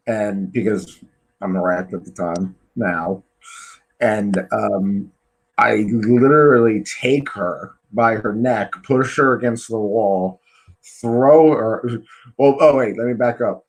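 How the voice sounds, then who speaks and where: A man's voice: lowish voice, slow pace, husky, low-quality recording. A man hosting a podcast interview, telling frank stories in casual chat with many fillers. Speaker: podcast host.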